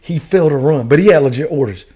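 Fast-talking, profane army veteran man. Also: fairly high pitch, breathy edge. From United States. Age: middle-aged. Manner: profane, slangy, animated storyteller. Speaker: podcast guest, retired soldier. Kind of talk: casual storytelling.

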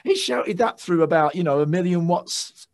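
A man, a guest guitarist, telling excitable stories in a casual interview, swearing and acting out shouts. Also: fairly high pitch, normal speed, no echo. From England.

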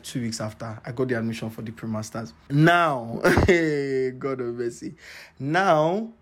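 A young man hosting a podcast, telling a personal story in an animated, exclamatory way, laughing as he goes. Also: mid-range voice. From Nigeria. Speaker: podcast host.

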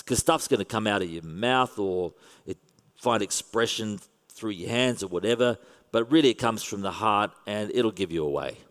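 A man with an Australian accent preaching a sermon in a relaxed, conversational way with wry humour. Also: on the low side, moderate pace, big-room sound. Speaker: pastor.

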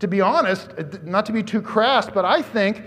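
A man preaching a sermon as pastor, in an animated, conversational way that swings between loud and hushed. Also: sits high, moderate pace. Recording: long hall reverb.

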